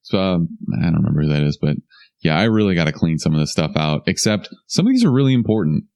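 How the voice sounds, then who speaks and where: Young guy cohost, lowish voice, wry and jokey, kinda sarcastic. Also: sing-song, fast, gravelly, darkish tone. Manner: wry, joking, a little sarcastic. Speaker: podcast co-host. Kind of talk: casual podcast chat.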